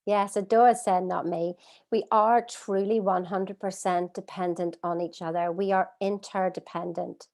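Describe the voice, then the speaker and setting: A middle-aged woman leading a live online coaching masterclass from home, earnest and expressive, asking her audience many rhetorical questions. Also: medium pitch, normal speed, few pauses. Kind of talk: live-streamed coaching talk. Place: at home, streaming by video call.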